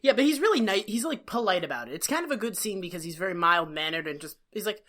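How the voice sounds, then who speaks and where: A woman co-hosting a casual podcast, recapping an old TV episode in a profane, animated way and slipping into quick impressions. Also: mid-range voice. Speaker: podcast co-host.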